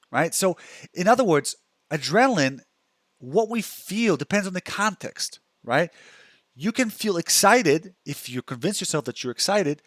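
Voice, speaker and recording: Brief: young male counselor, casual and chatty, fairly high voice, dry close sound. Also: fairly bright tone, no echo. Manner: chatty, restarts a lot, acts out inner thoughts. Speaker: counselor giving self-help advice. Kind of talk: casual talk reacting to a post.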